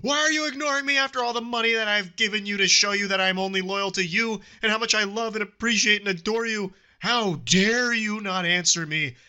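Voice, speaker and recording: A man's voice: high-pitched, lively intonation, normal speed, sharp tone, full character voice. A man voicing an obsessive lovesick man who pleads and rages at a woman who ignores him. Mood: indignant. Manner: whiny, indignant, theatrical.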